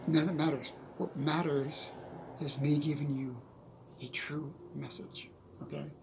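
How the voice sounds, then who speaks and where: A man talking casually into the camera from his desk at home, giving unscripted motivational advice, chatty and quick to laugh. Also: on the high side, steady tone, noisy background. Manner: chatty, laughs often, repeats "okay?". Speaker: motivational speaker.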